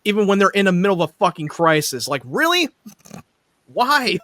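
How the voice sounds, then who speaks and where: A man's voice: high voice, sing-song, normal speed, sharp tone, no echo. Blunt, opinionated man on a dry mic. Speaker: podcast co-host. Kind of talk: casual movie discussion.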